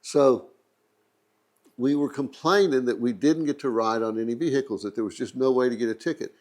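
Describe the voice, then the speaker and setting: A man's voice: medium pitch, a little fast, a little mellow. A middle-aged man with a Texan accent, casually telling a rambling, joking travel anecdote as the host of a museum channel. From Texas. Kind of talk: casual storytelling.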